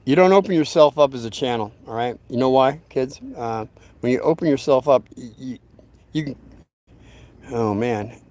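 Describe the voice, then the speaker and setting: Speaking at normal speed with a medium pitch and a slightly mellow tone, this channel host spins a folksy, wandering story. He frequently drifts into asides as he rambles casually.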